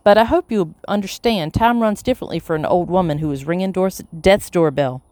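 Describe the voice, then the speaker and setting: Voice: medium pitch, brisk, darkish tone, no room sound, close to an everyday voice. A reader voicing a stately elderly matriarch. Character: grand, theatrical elderly matriarch.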